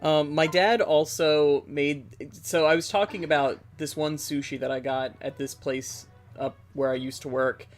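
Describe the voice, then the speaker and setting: A streamer telling a rambling, giggly story in casual chat with viewers, with many fillers along the way. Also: mid-range voice. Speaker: game streamer.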